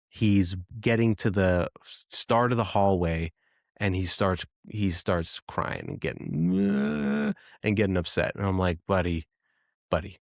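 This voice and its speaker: A man's voice: low-pitched, no room sound, studio quality. A man in his thirties telling a family story in a casual, rambling way, often restarting sentences and acting out what he said. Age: 30s. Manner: rambling, self-correcting, quotes himself in a livelier voice. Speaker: podcast host.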